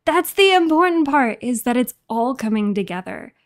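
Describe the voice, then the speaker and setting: A woman streamer chatting casually into a desk microphone, excited and rambling. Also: sits high, moderate pace. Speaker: streamer reacting to her audio drama. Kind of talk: casual livestream chat.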